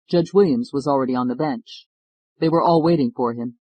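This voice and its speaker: A man narrating an audiobook in an even, measured storytelling manner, on a close studio mic. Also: on the high side, dry recording, rough recording. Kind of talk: scripted narration.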